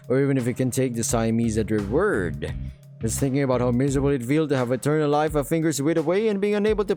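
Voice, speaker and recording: A man with a mid-pitched voice reads the story text of a game aloud, now and then dropping a dry joke of his own. Soft music plays quietly behind him. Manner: dry joking asides between narration. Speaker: game streamer reading a visual novel aloud. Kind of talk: reading game narration aloud with casual asides.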